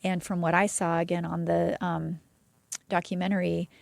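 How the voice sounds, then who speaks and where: A woman walks through a true-crime case in relaxed podcast chat, tossing in blunt asides. Her voice is somewhat low with plenty of gravelly fry. The recording is close and dry. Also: normal speed, dry recording. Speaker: podcast co-host.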